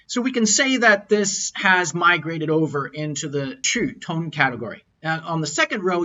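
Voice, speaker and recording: A man's voice: sits high, expressive, brisk, few pauses, pushed and bright. Man explaining tones on a lo-fi recording. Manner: explanatory, stops to demonstrate tones, frequent restarts. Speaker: language teacher. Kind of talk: online lecture with slides. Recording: dull lo-fi recording.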